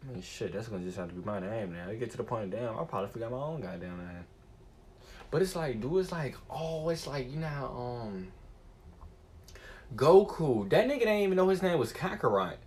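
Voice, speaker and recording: A man rambling through a casual streamer monologue, his pitch swinging up and down as he gets worked up. He swears constantly and muses aloud in an animated, wandering way. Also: fairly quick. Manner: profane, animated and musing.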